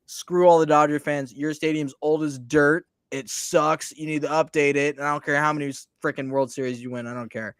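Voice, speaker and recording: A young man co-hosting a casual sports chat show, animated and joking, ranting with mock outrage. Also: on the high side, brisk, few pauses, clear, resonant tone, no echo, studio quality.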